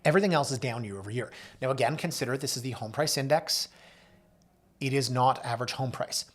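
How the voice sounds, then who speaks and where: A man's voice: mid-range voice, brisk. A man, a realtor hosting his own show, talking casually to camera and reading off numbers with self-mocking asides. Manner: chatty, self-mocking asides, reads figures off a list with sudden lifts. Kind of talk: casual market commentary to camera. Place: office or studio with someone off camera.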